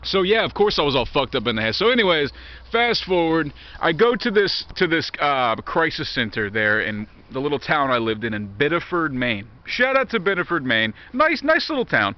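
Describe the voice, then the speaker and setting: A man's voice: fairly high pitch, big pitch swings, moderate pace. A man in his thirties talking straight to camera, blunt and heavily profane, rambling with frequent restarts. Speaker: vlogger. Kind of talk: candid personal monologue. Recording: dull lo-fi recording.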